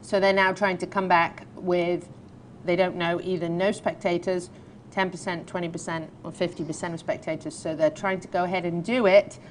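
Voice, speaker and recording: English woman host, lowish voice, playful and chatty, studio chat with faint background rumble. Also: flat delivery, moderate pace. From England. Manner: chatty, laughs easily, playful. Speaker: talk show host. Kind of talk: casual chat and news reading.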